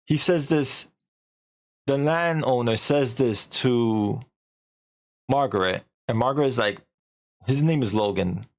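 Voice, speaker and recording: A man's voice: mid-range voice, slow pace, pauses often. A man streaming, casually retelling a story in a rambling way and acting out the quotes. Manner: rambling, animated retelling full of acted-out quotes.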